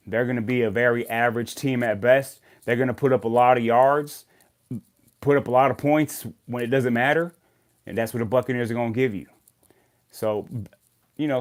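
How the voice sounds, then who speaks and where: A man hosting a sports show, talking casually and animatedly about football games and ranting loudly when worked up. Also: medium pitch. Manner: animated, rants and gets loud when worked up. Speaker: sports podcast host.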